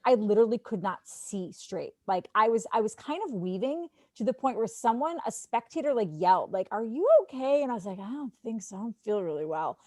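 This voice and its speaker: A woman in her thirties, a sports TV host, telling an animated story on a podcast full of "like" and quoted asides. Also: medium pitch, brisk, few pauses, no echo. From Wisconsin. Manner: animated, lots of "like", quotes herself. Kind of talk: casual storytelling.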